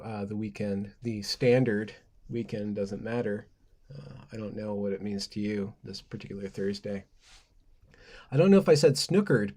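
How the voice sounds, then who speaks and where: A man's voice: mid-range voice, darkish tone. A man hosting a casual livestream, rambling playfully, reading word lists aloud and laughing at his own asides. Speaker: livestream host.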